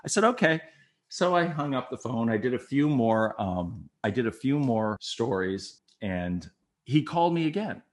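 Older guy telling newsroom stories, average pitch, animated, does everybody's voices. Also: normal speed. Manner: animated, acts out the other people in his stories. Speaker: interview guest, former TV news photographer and reporter. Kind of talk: casual anecdotal storytelling.

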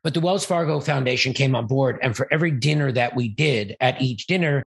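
A man, an event organizer and interview guest, telling a rambling, animated story and acting out quoted dialogue. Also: mid-range voice, brisk, creaky, breathy edge. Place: Los Angeles.

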